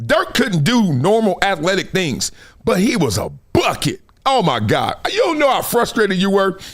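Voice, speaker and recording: Brief: male host from Compton, high and lively voice, slangy playful live-stream sports chat. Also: normal speed. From Compton, California. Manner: animated, playful, slangy, laughs often. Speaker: show host.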